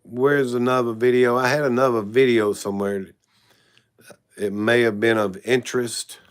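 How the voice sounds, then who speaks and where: A man's voice: medium pitch, steady tone, normal speed, clear, resonant tone. A man hosting a casual livestream. He rambles frankly and keeps saying "y'all". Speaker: channel host.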